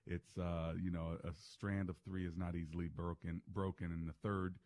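A man's voice: sits low, little pitch movement, moderate pace, a little mellow. A man hosting a call-in radio talk show, folksy and affirming with his callers.

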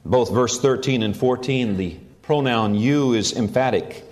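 Middle-aged man, pastor, earnest sermon delivery, mid-pitched. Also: a little slow, hardly any pauses, a little mellow. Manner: earnest preaching with rising emphasis on key phrases.

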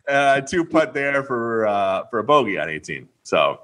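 A young adult man telling a story in casual chat. He is animated and acts out the quotes with big leaps up in pitch. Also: moderate pace. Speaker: podcast host.

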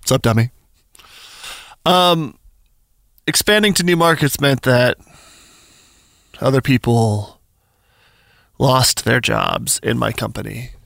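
A man's voice: mid-range voice, vocal fry, a bit bright, no room sound, clean studio sound. A man hosting a morning radio show, talking in an emotional, rambling way with sighs. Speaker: radio host. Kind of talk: casual morning radio chat.

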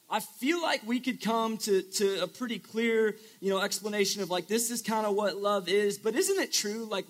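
A man's voice: high-pitched, a bit bright. A young man preaching a casual sermon to a live audience, chatty and joking with lots of filler words.

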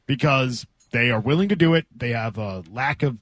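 A man's voice: mid-range voice, lively intonation, moderate pace, fairly bright tone, dry recording. A man hosting a sports talk radio show, reading out quotes and then arguing his point. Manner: reads quotes aloud, then argues a point.

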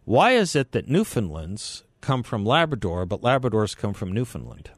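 A man hosting a political talk radio show, speaking in deliberate, drawn-out emphatic phrases. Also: fairly low pitch, big pitch swings, no room sound. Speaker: radio host.

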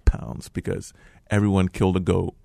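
A man with an American accent, a guest earnestly telling a personal story in conversation, his voice dropping low and hushed at tense moments. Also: flat delivery, normal speed, creaky, no room sound. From Liberia.

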